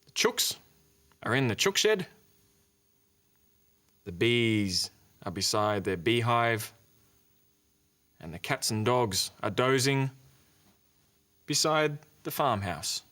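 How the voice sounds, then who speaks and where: Australian male kids' presenter, unhurried, clear, playful storyteller, music under. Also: medium pitch, bright, forceful tone. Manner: clear, simple and playful, makes animal and car noises. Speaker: children's TV presenter. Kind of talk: slow, gentle storytelling narration for young children.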